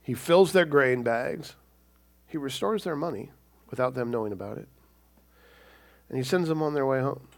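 A man's voice: medium pitch, normal speed, gravelly, long pauses. A male pastor preaching a sermon in a conversational way, often checking in with the listeners. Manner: conversational, keeps asking "right?".

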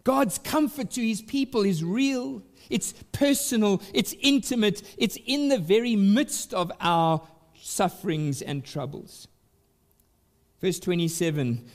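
A man pastor preaching a sermon at a church service, emphatic and deliberate, swinging up in pitch and volume to press his points. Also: lively intonation.

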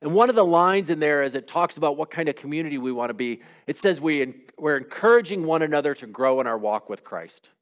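A man's voice: a little high, expressive, quick pace, few pauses. A middle-aged man preaching a sermon in a conversational way, asking rhetorical questions and acting out little quotes. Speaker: pastor.

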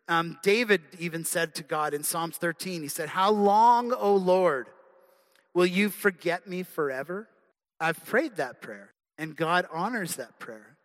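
Male preacher, bright voice, earnest conversational sermon, long hall reverb. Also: on the high side. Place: church sanctuary.

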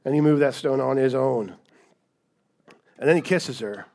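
A man preaching a sermon in a conversational, animated storytelling way, often checking in with "right?". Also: medium pitch, moderate pace, creaky. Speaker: pastor.

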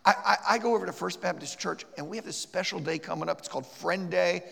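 A man leads a church class in a high voice that has a gravelly rasp to it. He is animated and acts out little scenes as he teaches. A long reverb from the hall trails his words. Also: fast. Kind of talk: church teaching with a live role-play.

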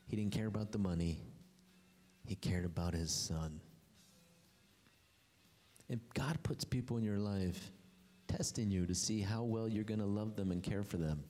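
Impassioned preacher in an echoing hall. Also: male voice, moderate pace, pauses often. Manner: impassioned, swings from high emphatic lines to low quiet ones. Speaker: pastor. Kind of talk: sermon. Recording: long hall reverb.

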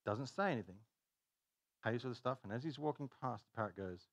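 A man preaching a sermon, telling stories in an animated way and laughing at his own jokes. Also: mid-range voice, fairly quick, no echo. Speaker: pastor.

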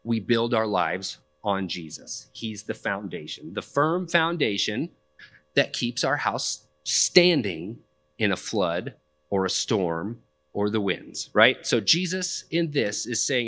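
A man's voice: fairly low pitch, animated, slow pace, bright, forceful tone. A young man preaching a sermon in a conversational, plainspoken way, with casual asides. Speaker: pastor.

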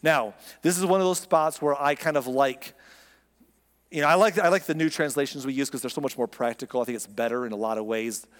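A man's voice: medium pitch, brisk. Conversational male preacher in a reverberant hall. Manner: conversational, acts out quoted voices. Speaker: pastor. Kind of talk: sermon.

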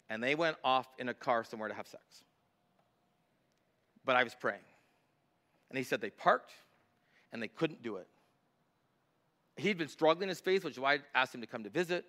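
Bright-voiced man preaching a sermon. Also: medium pitch, expressive, moderate pace, pauses often. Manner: emphatic when quoting scripture, quieter and conversational in stories. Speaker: pastor.

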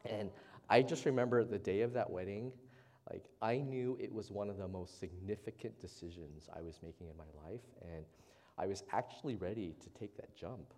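A man preaching a casual, conversational sermon as the pastor in a church service, chatty and relaxed, often tossing in "right?" to the congregation. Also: on the low side, normal speed. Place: church sanctuary during a service. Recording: long reverb of a large church hall.

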